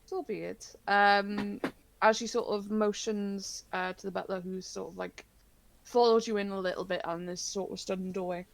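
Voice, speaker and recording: A woman narrating a tabletop horror game as game master, halting, with many fillers and frequent laughs. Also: medium pitch, fairly even intonation, gravelly.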